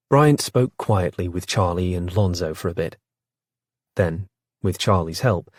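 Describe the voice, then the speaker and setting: Low, husky male audiobook narrator. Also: a little mellow, dry recording, studio quality. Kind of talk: scripted narration.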